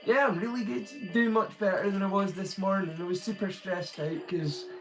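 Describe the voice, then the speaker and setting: Man, Scottish accent, live stream host, casual chat, reflective, addresses viewers, slightly high voice. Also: fairly even intonation, moderate pace, soft background music.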